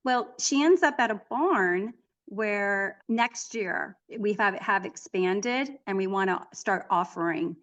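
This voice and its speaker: A middle-aged woman, a guest author, chatting in an interview, telling stories in an animated way with frequent restarts. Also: medium pitch, slow, lo-fi sound. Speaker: author and equine therapist, guest. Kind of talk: casual interview conversation.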